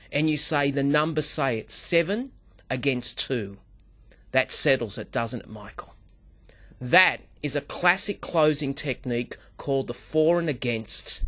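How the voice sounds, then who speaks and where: Animated man teaching sales. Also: a little high. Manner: animated storyteller who acts out dialogue and keeps addressing the host. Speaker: sales trainer guest. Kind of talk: animated interview talk.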